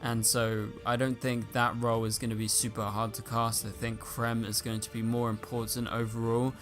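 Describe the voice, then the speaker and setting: A man's voice: medium pitch, little pitch movement, moderate pace, fairly bright tone. A man hosting a casual commentary show, talking through casting news in a chatty way, filling his talk with "like" and "you know". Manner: chatty, filler-heavy with frequent "like" and "you know". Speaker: YouTube host. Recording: faint music behind.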